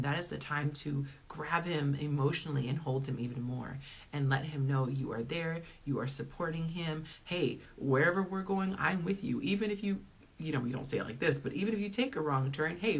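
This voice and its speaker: A woman's voice: deep voice, breathy edge. A woman hosting a relationship advice talk, speaking casually and emphatically to her viewers, repeating key words for stress and responding to live comments. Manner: chatty and emphatic, with repeated phrases. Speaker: dating and relationship advice host.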